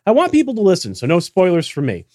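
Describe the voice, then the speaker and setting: A man's voice: sits high, huge pitch swings, fast, a little mellow, no room sound. A man co-hosting a casual podcast, reading listener emails with dry, teasing humor. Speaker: podcast co-host.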